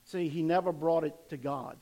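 Male pastor, high voice, dramatic preaching that swings from loud to hushed. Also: normal speed. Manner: dramatic retelling with rising and falling intensity. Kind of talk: sermon.

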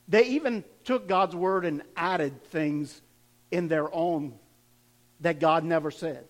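A man preaching a sermon in a conversational way, asking his congregation questions and often repeating words as he goes. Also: high voice. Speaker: pastor.

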